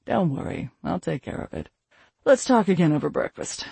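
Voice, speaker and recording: A man's voice: a little high, very animated, normal speed, vocal fry, darkish tone, breathy edge, no echo, full character voice. A man voicing a smug, foolish elf half-brother. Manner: pompous, smug.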